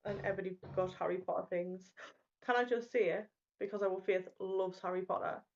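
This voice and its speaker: A woman's voice: mid-range voice, steady tone, fairly quick. A woman co-hosting a podcast, chatting casually and telling stories with acted-out quotes. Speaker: podcast co-host. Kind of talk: casual chat. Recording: dull lo-fi mic with faint noise.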